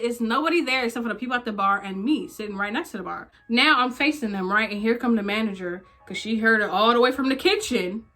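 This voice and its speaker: A young woman casually telling a story to her vlog audience, animated, acting out the people in it. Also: a little high. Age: young adult. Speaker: vlogger.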